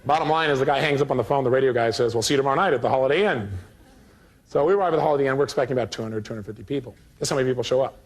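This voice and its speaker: Speaking rapid-fire at a medium pitch, this man leads a live motivational seminar. He relates a story with lively energy, voicing both parties in the dialogue himself.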